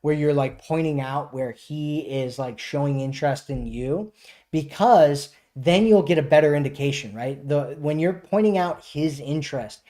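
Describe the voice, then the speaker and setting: A man's voice: on the high side, moderate pace, dark tone. A man hosting a casual live stream as a dating coach, answering chat questions in a loose, filler-heavy way and often tagging on "right?".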